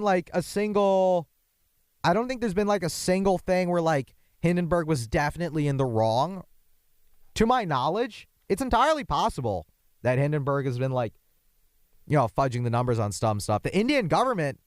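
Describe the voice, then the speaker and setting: A young man hosting a podcast, his voice hoarse from yelling, rambling in a casual, self-deprecating monologue with jumpy asides. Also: fairly high pitch, no room sound, studio quality. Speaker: podcast host. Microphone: microphone.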